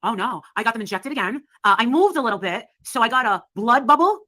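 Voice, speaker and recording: A woman's voice: on the high side, animated, fast talker, pushed and bright, no room sound. A woman hosting a casual livestream, telling stories with brash, profane humor and frequent laughter. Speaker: livestream host.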